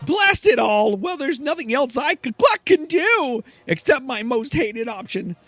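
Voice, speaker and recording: A pompous male chicken mage squawks out old-fashioned speech through a very high, shrill voice. Clucks break into his words while his pitch leaps about. The sound is dry and close. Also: big pitch swings, unhurried, fairly bright tone, no echo, faint music behind, full character voice. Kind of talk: video game voice acting.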